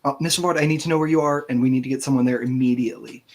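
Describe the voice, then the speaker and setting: A man voicing a nervous corporate secretary who stammers and rushes on a phone call in a tabletop game. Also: medium pitch, steady tone, close to an everyday voice. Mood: panicked. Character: flustered secretary at a corporate front desk.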